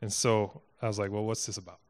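A pastor from Iowa preaching a sermon in an earnest, emphatic way that builds to forceful peaks. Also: male voice, on the low side, little pitch movement, quick pace. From Iowa, United States.

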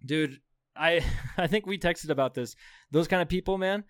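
A man's voice: a little high, normal speed, no room sound, clean studio sound. A man around thirty, co-hosting a podcast, telling profane stories in casual chat with frequent laughs. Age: 30s. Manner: profane, animated storytelling with laughs. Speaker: podcast co-host.

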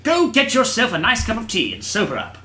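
A man voicing a pompous, old-fashioned gentleman explorer who is really a sea slug, in a put-on posh British accent. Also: sits high, wildly swooping pitch, brisk, full character voice. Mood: indignant. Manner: blustering, grandiose, indignant. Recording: roomy echo.

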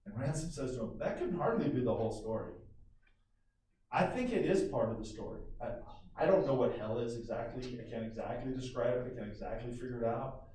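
Male pastor, conversational sermon, mellow voice, recorded far off in a very echoey church. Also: mid-range voice, a little fast, slight background noise. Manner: conversational, animated preaching with call-and-response. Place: church sanctuary. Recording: echoey room from a distance.

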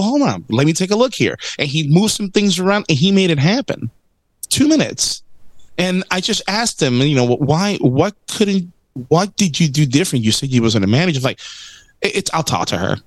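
A man's voice: on the high side, no echo. A man chatting casually, telling a story and acting out the other people in it. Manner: animated storyteller, acts out quotes. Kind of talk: casual chat.

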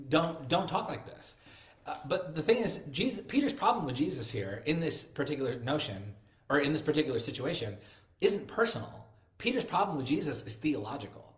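A man preaching a sermon in a conversational way, often restarting and repeating words. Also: medium pitch. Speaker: pastor. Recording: echoey room.

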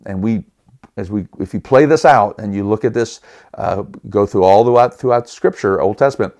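A man's voice: lowish voice, darkish tone. A man teaching the Bible on a podcast in a conversational, earnest way, often restarting his words and putting questions to the listeners. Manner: appeals to listeners with rhetorical questions.

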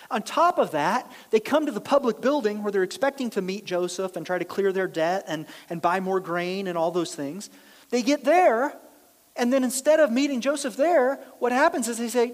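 Animated preacher in a reverberant hall. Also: mid-range voice, normal speed. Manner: animated storytelling, acting out quoted voices. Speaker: pastor. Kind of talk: sermon. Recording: long reverb of a large hall.

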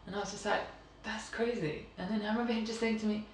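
A woman hosting a podcast in relaxed casual conversation, often chiming in with agreement. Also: medium pitch, fast talker. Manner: relaxed, frequent agreeing "yeah" and "mm". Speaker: podcast host. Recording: very echoey room, mic far off.

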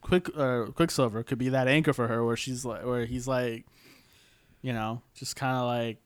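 A man co-hosting a podcast in casual chat, rambling and halting with frequent restarts. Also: mid-range voice, steady tone, clear, resonant tone. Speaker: podcast co-host.

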